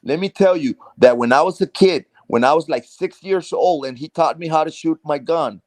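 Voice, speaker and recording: A man's voice: a little high, moderate pace, darkish tone, no room sound. A man from South Texas, ranting on a live stream with heavy profanity, restarting phrases and hammering each point. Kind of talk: heated casual rant.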